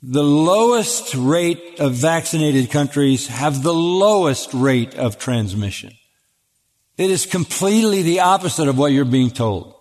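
A man's voice: a little high, animated, a little slow, darkish tone. An older man, a pastor answering questions in a sermon-style talk, speaking earnestly and with emphasis, often repeating words as he starts a thought. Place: church auditorium. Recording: long reverb of a large hall.

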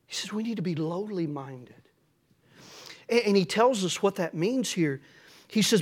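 A man's voice: high voice, expressive, moderate pace. A middle-aged man preaching a folksy, storytelling sermon that builds to emphatic passages. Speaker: pastor.

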